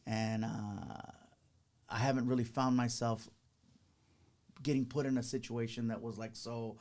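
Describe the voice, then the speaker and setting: Middle-aged comedian telling a story. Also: male voice, mid-range voice, unhurried, long pauses. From Mexican-American. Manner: animated storyteller, acts out quotes. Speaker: guest comedian. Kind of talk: casual interview storytelling.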